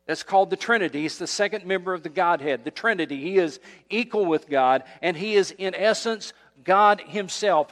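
A man's voice: sits high, normal speed, a bit bright. A male pastor delivering a sermon, emphatic and repetitive, building intensity as he preaches. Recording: long hall reverb.

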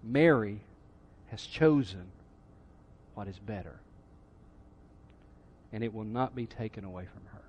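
A man voicing a calm, gentle male teacher who speaks softly and tenderly in a sermon. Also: fairly low pitch, dull audio, a little hiss or hum, voice pushed down. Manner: soft, slow, tender.

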